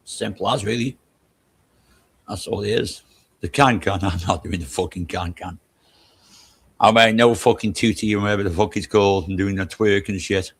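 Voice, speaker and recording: Husky, gravelly older man. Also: on the low side, steady tone, normal speed, long pauses. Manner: ranting, profane, exasperated. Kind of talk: casual chat.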